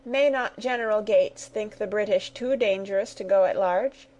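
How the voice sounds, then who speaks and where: A woman's voice: mid-range voice, normal speed, a little mellow, close to an everyday voice. Woman reading as a teasing teenage girl. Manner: playful, teasing.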